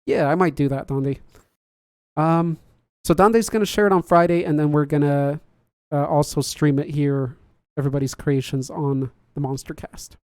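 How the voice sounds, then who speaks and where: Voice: mid-range voice, fairly even intonation, normal speed, a little mellow, no room sound, studio quality. Chatty livestream host. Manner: chatty, laughs often, jokes at own slips. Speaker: podcast host reading live chat. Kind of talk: casual livestream chat.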